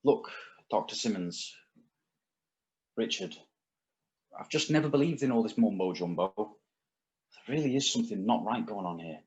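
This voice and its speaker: A man playing a husky, uneasy British neighbour. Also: lowish voice, expressive, normal speed, long pauses, darkish tone. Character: skeptical male neighbour growing frightened.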